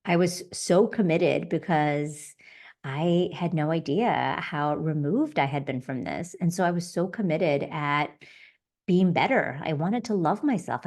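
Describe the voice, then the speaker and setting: A woman hosting a podcast, gently guiding listeners through self-compassion practices and repeating soft affirmations. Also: lowish voice. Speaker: podcast host. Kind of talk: self-help teaching talk.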